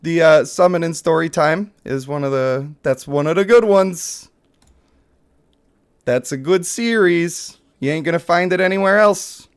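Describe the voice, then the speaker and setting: A man's voice: on the high side, measured pace, smooth. A young man hosting a live mobile game stream, joking and hyping up his pulls for chat. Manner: playful, excitable, joking with chat.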